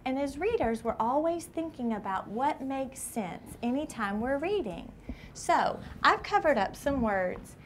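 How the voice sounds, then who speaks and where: A woman teaching a kindergarten class to read, her fairly high voice patient and full of questions. She stretches words out slowly for the children. The classroom recording carries clear background noise. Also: lively intonation. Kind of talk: classroom shared reading lesson.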